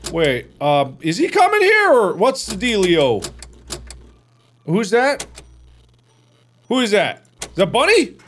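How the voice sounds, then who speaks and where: A man hosting a horror game let's play, excitable and rambling, slipping into silly baby talk. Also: sits high, slow pace, long pauses, slight background noise. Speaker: gaming video host.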